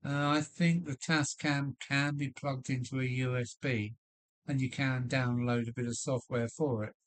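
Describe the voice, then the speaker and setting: A man with a deep voice hosting a casual live stream from his loft, rambling with many fillers and restarts while chatting with viewers. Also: steady tone, a little slow. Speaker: livestream host. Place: home loft.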